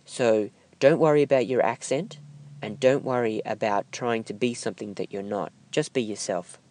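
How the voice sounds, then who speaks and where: A man teaching voiceover technique, speaking slowly and deliberately with emphatic pauses. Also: medium pitch, a little mellow. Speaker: voiceover instructor. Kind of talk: instructional talk to camera.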